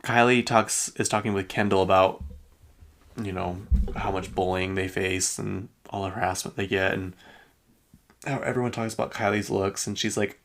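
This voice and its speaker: Gravelly, low-voiced man ranting casually. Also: steady tone, moderate pace, fairly bright tone. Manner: rambling, heavy use of "like" and restarts; opinionated, mildly exasperated. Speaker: podcast host. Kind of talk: casual pop-culture chat.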